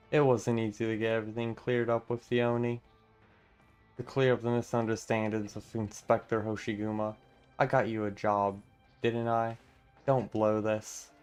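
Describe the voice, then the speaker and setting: Voicing all the parts of a game story himself, a man reads in a steady, largely plain tone with a fairly low pitch. He occasionally stops for an offhand aside.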